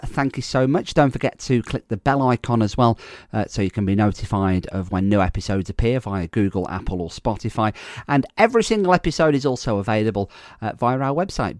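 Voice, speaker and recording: A man's voice: mid-range voice, darkish tone, dry recording, clean studio sound. A man with an English accent hosting a football podcast, chatting and introducing a guest. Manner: chatty, friendly, plugging and introducing. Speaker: podcast host and commentator. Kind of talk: radio sports podcast presenting.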